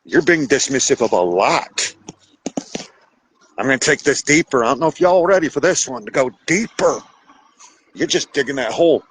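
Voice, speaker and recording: A man hosting a podcast, lecturing about relationships in a blunt, casual way with some swearing, switching between fast bursts and slow, drawn-out emphasis. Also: mid-range voice, animated, slight background noise, rough recording. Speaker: podcast host. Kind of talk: relationship advice monologue.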